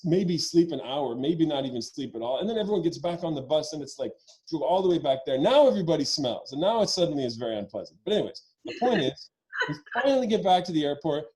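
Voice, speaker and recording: Animated man telling a profane story. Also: sits high, rough recording. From Quebec, Canada. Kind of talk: personal storytelling at a story slam. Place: virtual event.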